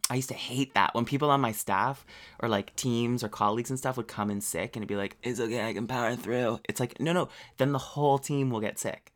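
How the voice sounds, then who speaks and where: A man's voice: mid-range voice, brisk, fairly bright tone. Drag queen co-host, congested voice, bubbly chatter, remote call. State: stuffed up from a cold. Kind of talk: casual chat. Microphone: remote call setup.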